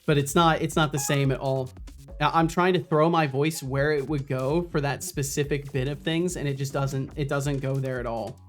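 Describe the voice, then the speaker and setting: A man's voice: mid-range voice, fairly even intonation, normal speed, faint music behind. A man streaming as a solo game developer, chatting casually with viewers. He rambles, swears often and restarts his sentences a lot. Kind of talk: casual live-stream chat.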